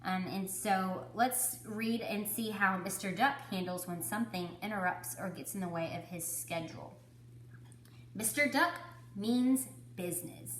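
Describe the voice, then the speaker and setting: A woman's voice: moderate pace, hardly any pauses. A woman, a teacher reading to her class, reads a picture book aloud to children and talks to them about it, lifting her voice to stress key words. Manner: expressive storyteller, lifting her pitch for emphasis. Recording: echoey room with faint background hiss.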